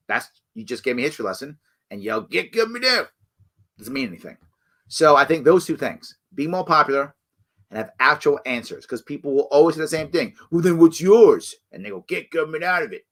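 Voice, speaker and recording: A man hosting a live ask-me-anything stream, talking casually with many restarts and jumping up in pitch when he acts out other people. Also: fast talker. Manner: animated, acts out quoted voices with big jumps in pitch; frequent restarts and self-corrections. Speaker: host answering live chat questions.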